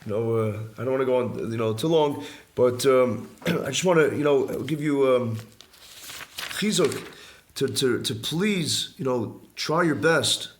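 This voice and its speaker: In an echoey indoor room, a rabbi leads a live religious study class, stressing his points earnestly and going back over key phrases. He has a mid-range voice with lively intonation and an unhurried pace, with slight background noise.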